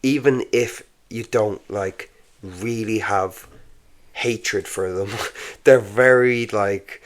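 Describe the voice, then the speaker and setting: A man's voice: lowish voice, takes it slowly. A man, a comedian guest in casual podcast chat, rambling with lots of filler words and laughing often.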